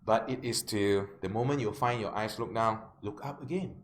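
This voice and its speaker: A man's voice: fairly low pitch, normal speed. A man, a life coach telling a client story as a self-help lesson, often checking in with his listeners. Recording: roomy with faint background noise.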